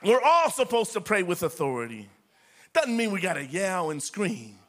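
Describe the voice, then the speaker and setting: A man's voice: sits high, sing-song, normal speed. A middle-aged man preaching a sermon as pastor, impassioned and repetitive, calling the congregation "church".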